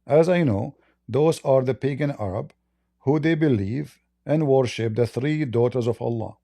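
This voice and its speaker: Gravelly man pressing hard in a debate. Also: mid-range voice, normal speed, warm tone, dry recording. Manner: challenging, mocking, talks over the other. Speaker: debate host. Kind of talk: heated religious debate.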